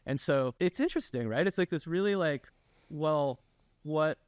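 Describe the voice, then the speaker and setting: A man's voice: a little high, normal speed, clean tone, no room sound. A man who is a developer educator, guest on a tech podcast, chatting casually and enthusiastically and often tagging his points with "right?". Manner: animated, many restarts and "right?" tags.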